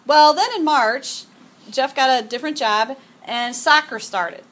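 A middle-aged woman giving a devotional talk to a group, animated and chatty, often acting out her own yelling and sprinkling in "okay" and "um". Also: high-pitched, unhurried, slight background noise. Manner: frequent "okay" and "um". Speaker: women's event speaker.

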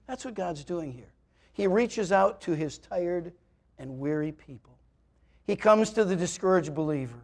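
A man's voice: fairly high pitch, expressive, moderate pace, vocal fry. A man preaching a sermon to a church congregation, earnest and pleading, repeating words as he builds to emphatic peaks. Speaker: pastor. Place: church sanctuary, also live streamed.

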